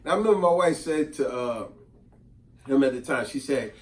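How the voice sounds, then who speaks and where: A middle-aged man telling a casual story, animated and acting out the people in it. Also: medium pitch, normal speed. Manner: animated, acts out voices in quotes. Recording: roomy and distant from the mic.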